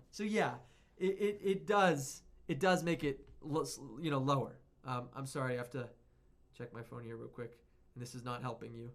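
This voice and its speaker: A man giving a casual, rambling lesson on music production, often correcting himself as he goes. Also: on the high side. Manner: chatty, rambling, self-correcting.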